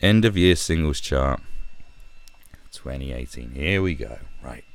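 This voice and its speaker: A man's voice: a bass voice, expressive, slow pace. A man ranting sarcastically and swearing heavily as he reads and picks apart statistics on a live stream.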